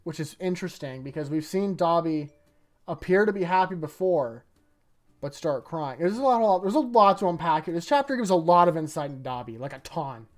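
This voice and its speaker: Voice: medium pitch, expressive, a little fast, darkish tone. Rambling, chatty manga reviewer. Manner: rambling, chatty, often laughing. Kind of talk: casual manga chapter review.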